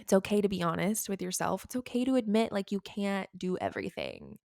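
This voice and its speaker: A woman's voice: mid-range voice, wildly swooping pitch, a little fast, creaky, darkish tone, no echo, studio quality. A woman in her thirties hosting a solo podcast, talking candidly and rambling, swearing casually. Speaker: podcast host.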